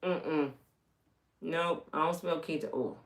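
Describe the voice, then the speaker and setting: A woman's voice: mid-range voice, lively intonation, measured pace. A middle-aged woman from the United States chatting casually and teasingly as a channel host, drawling and chatty. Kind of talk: casual gossip commentary.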